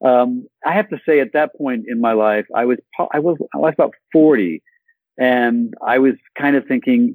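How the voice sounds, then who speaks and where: A man's voice: medium pitch, moderate pace, a little mellow, no echo, rough recording. A man from Michigan, a guest actor on an interview podcast, telling stories with playful acted-out asides. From Michigan, USA.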